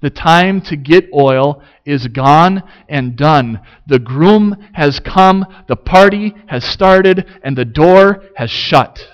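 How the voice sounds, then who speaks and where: Male pastor, unhurried sermon delivery, clear voice, slightly dull lo-fi recording. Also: on the high side, expressive. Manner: slow, measured preaching with dry humor.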